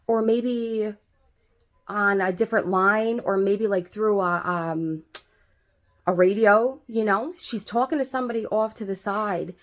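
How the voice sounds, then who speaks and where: A woman's voice: medium pitch, steady tone, unhurried. A young adult woman telling a story in a casual vlog, rambling with lots of fillers and swearing freely.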